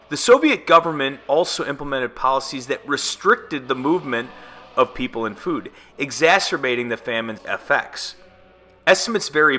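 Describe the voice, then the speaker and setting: A man's voice: medium pitch, sharp tone. A man narrating a scripted history video with sarcastic, jokey asides. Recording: voice-over with faint music.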